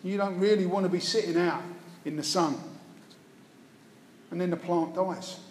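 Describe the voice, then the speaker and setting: A man's voice: high-pitched, fairly even intonation, moderate pace, a little mellow. A man preaching a sermon, retelling a Bible story with wry storytelling asides. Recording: echoey hall, faint room noise.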